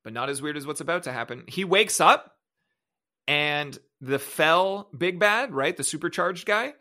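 A man's voice: fairly high pitch, expressive, unhurried, sharp tone. A man co-hosting a podcast, giving a sarcastic, mocking play-by-play recap of a movie in casual chat. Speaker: podcast co-host.

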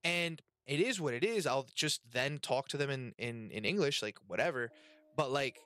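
A man hosting a casual podcast chat, animated and profane, with lots of slang. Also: mid-range voice, moderate pace, no echo. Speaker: podcast host and restaurant worker. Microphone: webcam and desk mic.

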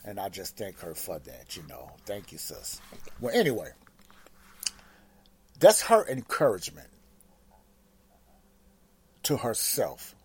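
A man's voice: fairly low pitch, huge pitch swings, takes it slowly, long pauses, slightly rough. A man hosting a faith encouragement segment in a casual, rambling devotional talk, filling his sentences with "you know.".

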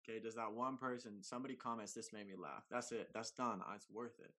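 Animated slangy man, casual chat. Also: quick pace. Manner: animated, slangy, big swings in pitch and loudness. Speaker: comedy content creator guest.

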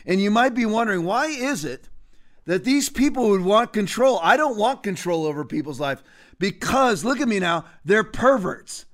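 A man hosting a political commentary show, ranting in a combative, mocking way with many restarts and sudden bursts of loudness. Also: sits high, lively intonation, normal speed.

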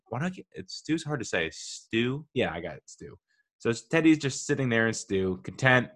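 Fairly bright in tone and on the low side in pitch, this young man's voice carries his solo podcast. As host, he chats casually, pokes fun at himself, and wanders off into rambling asides.

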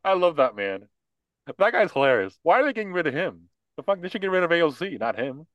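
Male co-host, casual political banter, jokey and sarcastic, very lively pitch. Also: quick pace, no echo, dull audio. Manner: animated, mocking, joking. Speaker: podcast co-host.

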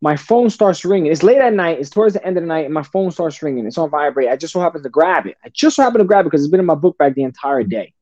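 A middle-aged man telling a personal story as a podcast guest, animated and casual, often calling the host brother or bro. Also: fairly high pitch, fast, few pauses, no echo. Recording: dull, dry lo-fi sound.

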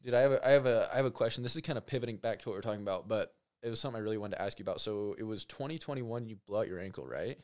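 A man's voice: fairly low pitch, rapid-fire, hardly any pauses, a little mellow. A man hosting a casual podcast chat, asking eager questions. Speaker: podcast host.

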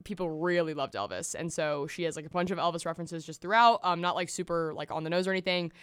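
A woman's voice: fairly low pitch, fast, clean tone, no room sound. Giggly young woman podcast co-host. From Tennessee, US. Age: young adult. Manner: giggly, lots of "like" fillers. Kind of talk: casual chat.

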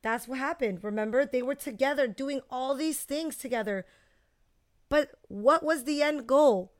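A young woman co-hosts a casual podcast in a smooth, fairly high voice. She talks bluntly, swears freely and tells stories with animation. The sound is close and dry. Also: unhurried, dry recording. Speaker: podcast co-host. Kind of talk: casual chat.

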